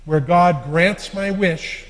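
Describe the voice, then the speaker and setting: Man, lay preacher, earnest confessional sermon delivery, higher voice, recorded in a reverberant hall. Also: slow pace. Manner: earnest, confessional, swinging between loud stresses and quiet endings. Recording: echoey hall with long reverb.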